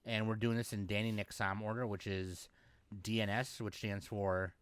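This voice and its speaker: A man hosting a casual podcast with friends, his voice sitting on the low side. He sounds goofy and hyped, quick to laugh. He is recorded up close in a dead, dry room. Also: little pitch movement, clean tone, dry recording. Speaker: podcast host. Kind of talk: casual chat.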